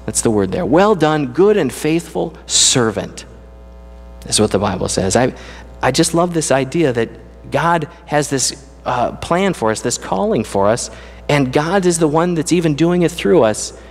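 A middle-aged man preaching a sermon as a pastor, with earnest, conversational delivery that lifts in pitch when he speaks of praise. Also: animated, normal speed. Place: church sanctuary. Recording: long church hall reverb.

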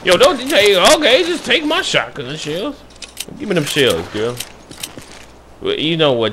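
A man's voice: high-pitched, sing-song, unhurried, slight background noise. A man giving casual, profane commentary while playing a video game, often talking to the characters on screen. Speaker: gameplay commentator. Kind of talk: casual let's-play commentary. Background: loud game music.

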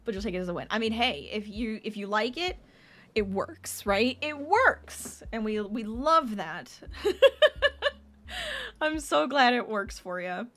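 A young woman streaming a video game, bubbly and excitable, gasping and cheering at the action. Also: on the high side, slow. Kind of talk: let's-play commentary.

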